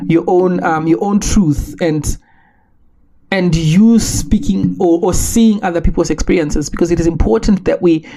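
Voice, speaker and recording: Earnest man, gravelly voice. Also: high-pitched, warm tone. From Zimbabwe. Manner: earnest, measured, with frequent restarts and rhetorical questions. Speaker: podcast host. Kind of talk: solo podcast commentary.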